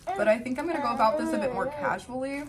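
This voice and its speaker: Talking fast in a high voice, a family vlogger in her twenties speaks openly to camera at home while holding a baby. She's reflective and casual, peppering her speech with "um" and "like." A noisy crowd can be heard, along with faint background noise.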